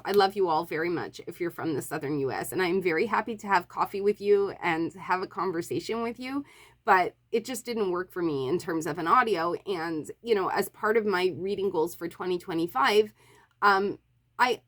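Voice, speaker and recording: A woman from Montreal talks casually to camera about her reading, in a fairly low voice. She hedges and apologizes often, with plenty of fillers and restarts. It is a relaxed home vlog chat. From Montreal, Canada. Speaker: book vlogger.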